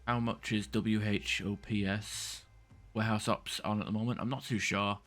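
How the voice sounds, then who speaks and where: A man's voice: lowish voice, level tone, moderate pace, fairly bright tone. A man streaming a game, rambling casually and venting in frustration, with occasional swearing. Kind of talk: casual gameplay chat.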